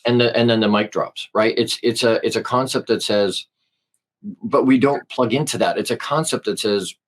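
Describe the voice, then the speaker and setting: Man, lowish voice, earnest podcast guest, halting delivery. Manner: halting, with many restarts and fillers; earnest, spiritual storytelling. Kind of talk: casual conversation.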